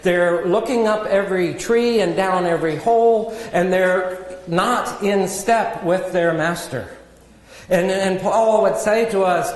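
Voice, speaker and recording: A man preaching a sermon in a measured, earnest teaching manner, with self-deprecating asides. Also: high-pitched. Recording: echoey hall with long reverb.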